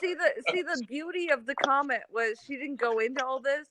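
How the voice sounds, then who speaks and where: Co-host, female, high lively voice, giggly gossip, crowd noise behind. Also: a little fast. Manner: giggly, animated storyteller. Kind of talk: casual gossip chat.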